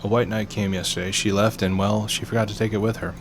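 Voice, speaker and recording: A man's voice: fairly low pitch, little pitch movement, fast talker, noisy background, natural voice. A man voicing a brash, carefree woman who runs a bar, talking in a breezy, upbeat way.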